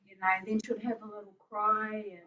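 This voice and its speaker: A woman's voice: medium pitch, level tone, fairly quick, sharp tone. A woman, giving a chatty, emotional tribute at a family gathering, often laughing. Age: 50s. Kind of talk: informal memorial speech. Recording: roomy, distant, muffled, faint hiss.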